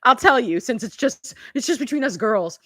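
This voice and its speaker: A woman's voice: a little high, expressive, moderate pace, fairly bright tone, no echo, clean studio sound. A woman in her fifties hosting a casual live-stream chat, telling stories in a confiding, chatty way and laughing often. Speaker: YouTube channel host.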